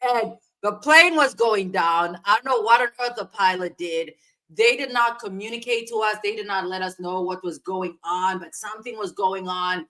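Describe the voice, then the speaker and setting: A woman co-hosting a podcast, telling a story in a casual, animated way with big swings in loudness. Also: medium pitch, moderate pace. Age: adult parent of a young child. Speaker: podcast co-host.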